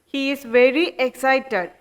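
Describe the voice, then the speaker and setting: Woman telling a kids puppet show story, high voice, slow and clear. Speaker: narrator. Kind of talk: children's puppet show narration.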